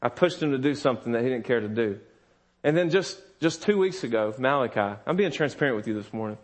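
A man's voice: mid-range voice, expressive, fast. A man in his thirties preaching a sermon, telling candid, self-deprecating stories about his young sons, laughing often and acting out their voices. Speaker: pastor.

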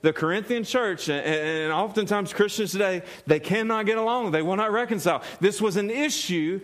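A pastor delivers a sermon in a high voice for a man. He is animated, often repeats and restarts his words, and laughs as he talks. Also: moderate pace.

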